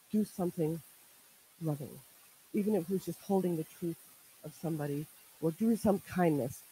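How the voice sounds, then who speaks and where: A man's voice: high-pitched, mellow, slightly rough, rough recording. A man at a group meeting telling an earnest personal story into a handheld microphone, acting out the dialogue as he goes. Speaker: group member sharing.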